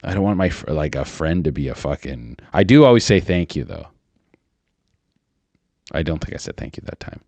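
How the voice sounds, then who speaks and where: A man in his thirties hosts a podcast in a rumbling low, darkish voice, animated yet moderately paced with long pauses, recorded on a studio mic with no echo. He rambles crudely and profanely, stumbling through fillers and restarts.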